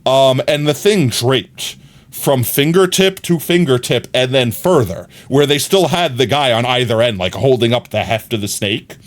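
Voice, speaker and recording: A man livestreaming a game, telling a rambling, animated story in casual chat with frequent laughs. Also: mid-range voice, normal speed.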